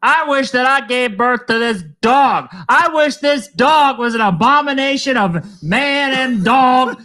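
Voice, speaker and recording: A man's voice: very high-pitched, lively intonation, measured pace, full character voice. A man doing a screaming Italian mama. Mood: furious. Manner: shouting, mock Italian accent. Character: furious Italian mother berating adult son.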